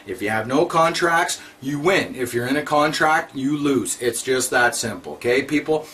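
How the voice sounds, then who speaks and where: A man's voice: medium pitch, expressive, normal speed, a bit bright. A man giving a blunt, repetitive, scolding monologue to his viewers. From Canada. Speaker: vlogger. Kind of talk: ranting monologue to camera.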